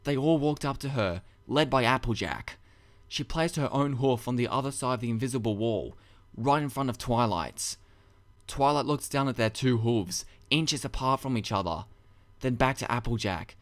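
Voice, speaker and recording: A man narrating his own story in a dramatic audiobook reading, with measured, expressive storytelling. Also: mid-range voice. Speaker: narrator and author.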